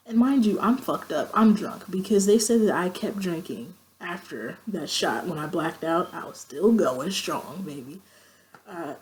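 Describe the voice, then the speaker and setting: A woman telling a long, profane story in a casual vlog, acting out quoted friends with her voice. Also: poor audio. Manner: animated, profane, acts out quoted friends with pitch jumps. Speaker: vlogger.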